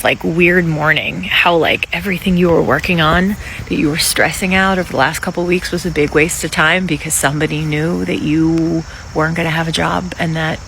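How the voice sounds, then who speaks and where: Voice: medium pitch, gravelly, fairly bright tone, slight background noise, poor audio. A laid-off office worker talking anxiously and candidly in a casual vlog, rambling and swearing freely.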